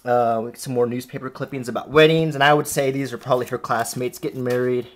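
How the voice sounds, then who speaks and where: A man with a faint Southern accent talks in a relaxed, amused, conversational way, like someone sharing family stories from his house. He is recorded on a camera mic at home and keeps a friendly, storytelling flow. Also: mid-range voice, fast. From Alabama, US South. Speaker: host showing family scrapbook. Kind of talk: casual vlog narration. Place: at home indoors, cats around.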